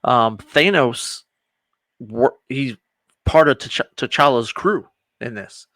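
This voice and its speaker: A man co-hosting a casual reaction chat, animated and acting out scenes as he recaps them. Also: medium pitch, takes it slowly, dry recording. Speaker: co-host.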